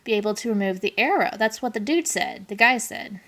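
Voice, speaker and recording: A woman voicing a young male warrior hero in a casual retelling, raising her pitch a little as she quotes him. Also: lively intonation, a little fast, fairly bright tone. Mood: indignant.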